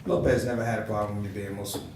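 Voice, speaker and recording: A man in his forties, a comedian on a panel, telling stories in an animated way and acting out the voices of people he quotes. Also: fairly low pitch, rapid-fire. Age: 40s. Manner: animated storyteller who acts out quoted voices with laughter. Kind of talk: storytelling panel talk. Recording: echoey hall from far off with noise.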